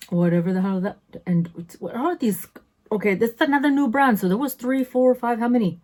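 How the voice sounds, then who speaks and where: A woman's voice: mid-range voice, dark tone. Sassy, chatty woman in her fifties. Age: 50s. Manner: chatty, sassy, self-interrupting asides. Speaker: beauty vlogger. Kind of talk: casual unboxing chat.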